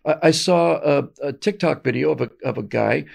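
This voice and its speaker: A man's voice: a little high, moderate pace, vocal fry, a little mellow. A man hosting a show, giving emphatic political commentary and often repeating words as he restarts. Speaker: show host.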